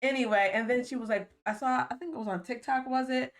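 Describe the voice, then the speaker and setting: A woman's voice: on the high side, steady tone, quick pace. A young adult woman, a guest in a casual chat, telling her story earnestly and laughing often.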